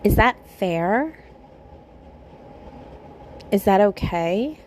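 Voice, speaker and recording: A woman's voice: mid-range voice, expressive, drawn-out words, darkish tone, a little hiss or hum. Woman, spiritual podcast host, mid-range voice, fired-up monologue with pointed rhetorical questions, blunt and a bit profane.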